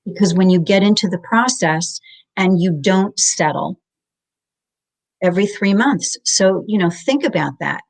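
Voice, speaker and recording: A woman's voice: mid-range voice, expressive, a little slow, vocal fry. A middle-aged woman, a guest in an interview, explaining divorce finances methodically and spelling out jargon step by step.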